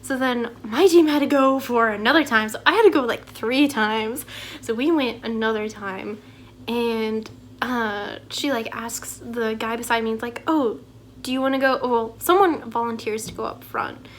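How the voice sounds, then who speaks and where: A woman's voice: fairly high pitch, unhurried, a little hiss or hum. A young woman telling a story about her drama class in a casual, chatty rant, full of filler words and sighs. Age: young adult. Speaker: vlogger.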